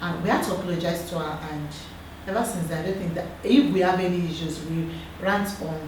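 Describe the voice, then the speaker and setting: A woman's voice: fairly low pitch, a little fast. Give me a Nigerian woman telling stories and giving advice, recorded far off with background noise. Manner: earnest, advice-giving, lively storytelling. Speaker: guest. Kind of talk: casual chat. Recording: roomy echo, far from the mic, background noise.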